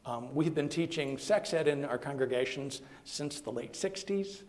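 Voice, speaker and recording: A male minister giving a sermon in a loose, conversational way, full of ums and restarts. He tells stories with animation, and his voice sits somewhat high for a man. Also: moderate pace. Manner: animated, conversational storytelling with fillers.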